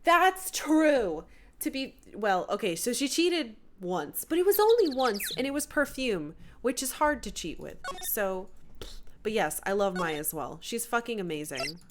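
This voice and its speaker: A woman's voice: a little high, sing-song, a little slow. A young woman streaming a game, talking casually and swearing freely as she chats. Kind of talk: casual live game commentary. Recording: clear background noise.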